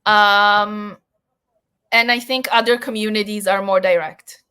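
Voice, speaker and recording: A woman's voice: medium pitch, fairly even intonation, unhurried, pushed and bright, smooth. A young woman from Israel with a light Israeli accent, speaking frankly as a guest in a casual podcast interview. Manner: frank, matter-of-fact.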